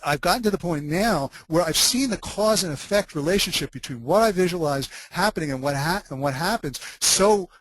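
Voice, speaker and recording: A man's voice: on the high side, expressive, fairly quick, hardly any pauses, fairly bright tone, no echo, poor audio. A man giving an unscripted spoken lesson as a wellness course teacher, talking earnestly and often restarting and correcting himself mid-sentence.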